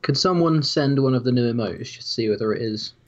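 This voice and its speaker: A man's voice: medium pitch, fast. A man co-hosting a livestream, chatting casually and mumbling asides while he reads the chat. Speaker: stream co-host. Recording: dull lo-fi stream mic.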